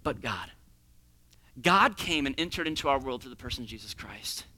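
A man preaching a sermon with passion, dropping to hushed near-whispers and rising to loud pleading. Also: medium pitch, lively intonation, moderate pace. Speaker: pastor.

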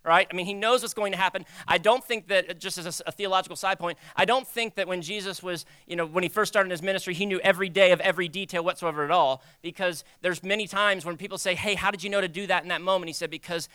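A young man preaching a sermon in a conversational, animated way, acting out quoted voices. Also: sits high, fast, few pauses, clean tone, no echo. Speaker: pastor.

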